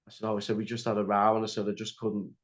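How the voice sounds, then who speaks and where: Speaking rapid-fire in a low-leaning monotone, a young man rambles through a story as a podcast guest. He says "like" constantly and keeps restarting, and the lo-fi sound is slightly dull.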